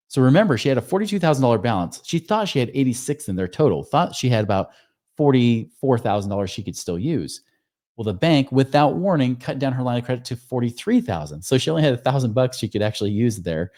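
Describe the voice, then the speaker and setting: A man's voice: medium pitch, warm tone. A man hosting a finance podcast, walking through loan numbers in an emphatic, explanatory way. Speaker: podcast host, financial advisor.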